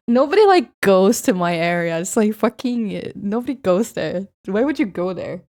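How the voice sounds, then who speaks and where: A woman's voice: medium pitch, sing-song, measured pace, darkish tone. A woman from Sweden with a Swedish accent, streaming and chatting casually with viewers in a rambling, swearing style.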